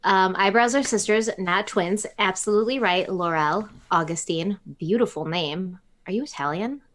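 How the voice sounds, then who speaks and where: A woman's voice: mid-range voice, normal speed, fairly bright tone. A woman co-hosting a casual live stream, chatting and teasingly reading names from the chat aloud.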